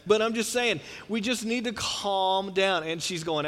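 A middle-aged man preaching a sermon in a conversational, joking way, with swings from loud to quiet. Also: high-pitched, fairly even intonation, fairly quick. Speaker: pastor.

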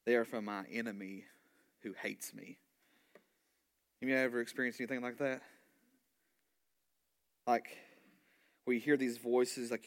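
A man in his thirties preaching from the pulpit. He tells a personal story in a loose, animated, conversational way, with plenty of asides and fillers, in a mid-range voice. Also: mid-range voice, unhurried, long pauses. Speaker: pastor. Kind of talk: sermon storytelling.

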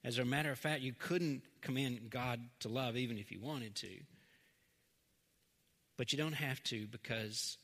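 A middle-aged man preaching a sermon, earnest, moving between quiet, slow stretches and emphatic lines. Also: mid-range voice. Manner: earnest, swings from soft to emphatic. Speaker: pastor. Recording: long hall reverb.

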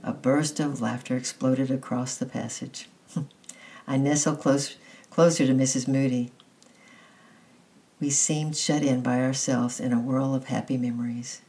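Gravelly, mellow storybook reader. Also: mid-range voice, steady tone, measured pace, low-quality recording. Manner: gentle, affectionate sign-off. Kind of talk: reading a children's novel aloud.

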